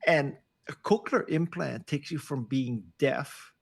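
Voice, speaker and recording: Un uomo anziano dalla voce roca e ghiaiosa, ospite di un podcast collegato in videochiamata. Racconta con animazione e battute, in tono di chiacchierata rilassata. La voce ha un timbro graffiante con un registro medio. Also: male voice, mid-range voice, slow, creaky, husky. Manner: animated, joking storyteller. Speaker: podcast guest. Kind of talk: casual interview chat. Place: home office on a video call. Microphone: video call.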